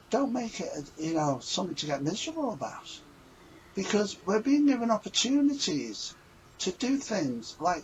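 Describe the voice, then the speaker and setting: A man's voice: sits high, a little hiss or hum, low-quality recording. A man talking earnestly and a little ramblingly in a casual reflective vlog. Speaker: vlogger.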